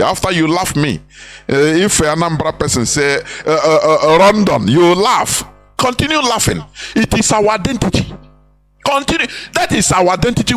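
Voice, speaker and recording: A man with a Nigerian accent speaks in a high-sitting, fairly bright voice. He gives an impassioned, preachy live broadcast talk, repeating phrases and slipping into pidgin and Igbo.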